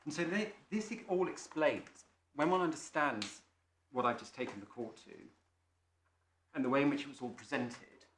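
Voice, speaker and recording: Barrister making formal courtroom submissions. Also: male voice, medium pitch, a bit bright. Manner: measured, formal, with small restarts. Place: large echoey courtroom. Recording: echoey courtroom, faint noise.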